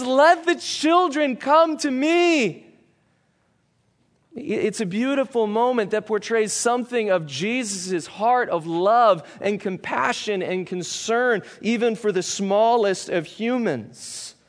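A man preaching a sermon as a pastor, earnest and emphatic, moving between stressed peaks and quiet, grave passages. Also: sits high, measured pace, hardly any pauses, in a large hall.

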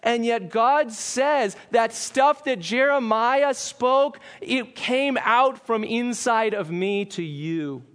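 High-voiced earnest male preacher. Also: lively intonation, fairly bright tone. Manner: earnest preaching, slows down for emphasis, asks the congregation questions. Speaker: pastor. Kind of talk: sermon.

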